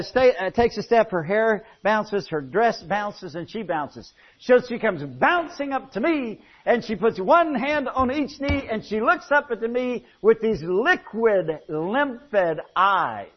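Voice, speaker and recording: Man, high voice, folksy joking sermon, dull lo-fi recording. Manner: folksy humorous storytelling with frequent restarts. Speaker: preacher.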